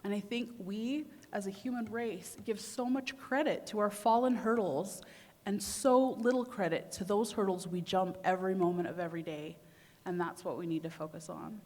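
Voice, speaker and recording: A conference speaker, a young adult woman, tells her audience a personal story, performing her own inner voice with feeling. Her mid-range voice is a little mellow and moves at normal speed, echoing with long hall reverb.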